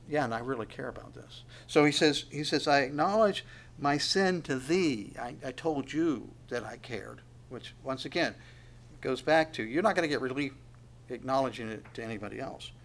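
A man preaching a sermon in a conversational way, asking questions of the congregation and at times dropping to a near whisper. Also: on the high side. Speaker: pastor.

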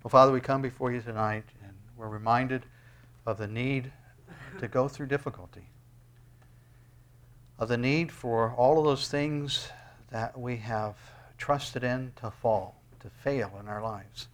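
A man preaches as pastor, reading from the Bible and concluding in prayer. Though he swings between loud, high exclamations and quiet, low asides, his intonation stays fairly even and his pace unhurried.

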